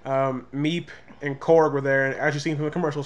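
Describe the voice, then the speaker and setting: A man with a slightly higher voice chats through a casual movie review. He talks animatedly, jumping into quick character voices now and then. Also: flat delivery. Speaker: comic review show co-host.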